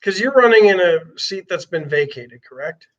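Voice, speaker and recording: A man's voice: high-pitched, lively intonation, moderate pace. A man co-hosting a morning radio show, teasing his partner and laughing often. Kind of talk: casual morning radio banter. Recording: distant, dull lo-fi sound.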